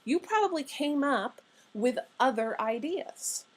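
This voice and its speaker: A woman's voice: high voice, lively intonation, unhurried. Woman giving a grammar lecture. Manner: clear, explanatory, playfully emphatic examples. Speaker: grammar instructor. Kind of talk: recorded online lecture.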